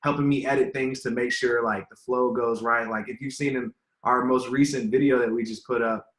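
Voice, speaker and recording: A man's voice: medium pitch, fairly even intonation, brisk, fairly bright tone. A man being interviewed as a guest, answering in an earnest, rambling way with many fillers. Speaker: relationship content creator, guest. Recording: roomy echo.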